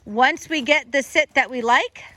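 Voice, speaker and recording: A woman's voice: sits high, unhurried, bright, forceful tone. A woman dog trainer coaching a trainee in an encouraging, instructive way.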